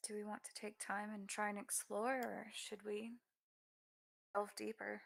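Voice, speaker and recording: Woman in a tabletop game, lots of vocal fry, asks stuff hesitantly. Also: mid-range voice, flat delivery, a little slow. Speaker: player. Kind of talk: casual tabletop role-play.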